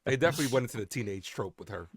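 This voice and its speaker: A man's voice: medium pitch, lively intonation, racing. A man on a film review panel, speaking casually and hesitantly, with many fillers.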